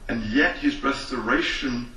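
A man's voice: mid-range voice, unhurried, distant mic. A man preaching a sermon as a rabbi, reading scripture, then acting out imagined conversations. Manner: reads scripture aloud, then preaches with lively acted-out voices. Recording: roomy echo from away from the mic.

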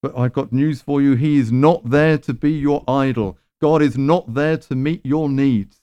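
Man preaching, mellow and dry. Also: medium pitch, measured pace, clear, resonant tone, no echo. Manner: conversational, emphatic with rhetorical questions. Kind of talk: sermon.

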